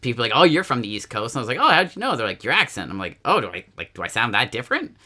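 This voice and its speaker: A man from Nova Scotia with a Nova Scotian accent, a podcast guest telling stories in a chatty, animated way, full of fillers, restarts and quoted asides. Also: mid-range voice, racing. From Nova Scotia, Canada. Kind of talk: casual conversational interview.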